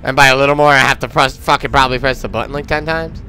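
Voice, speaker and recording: A man's voice: mid-range voice, quick pace, sharp tone, slight background noise. A man commentating on his gameplay in a casual, frustrated and sarcastic way, swearing often. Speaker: let's play commentator.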